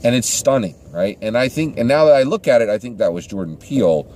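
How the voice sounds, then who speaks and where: Man, casual movie review, rambling, restarts sentences, mid-pitched voice. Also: lively intonation, fast, darkish tone, slight background noise. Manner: rambling, restarts sentences, keeps asking "right?". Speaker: film reviewer.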